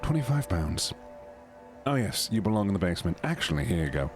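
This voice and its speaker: A male streamer with a low voice that swings widely as he jokes with his chat. He reads the game's text aloud between goofy asides. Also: big pitch swings, a little fast, music in the background. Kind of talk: casual livestream commentary.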